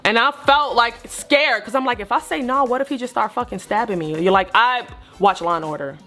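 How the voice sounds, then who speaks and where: A young woman vlogger telling her viewers a personal story in a candid, animated way, swearing freely. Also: fairly high pitch, brisk, faint music behind.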